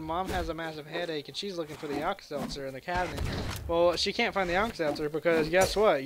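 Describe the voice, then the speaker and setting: A young man chatting with a friend while gaming, goofing around and spinning absurd stories. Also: sits high. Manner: goofy, spins absurd stories, laughs a lot. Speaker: gamer. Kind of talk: casual chat between friends while gaming. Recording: noisy home recording.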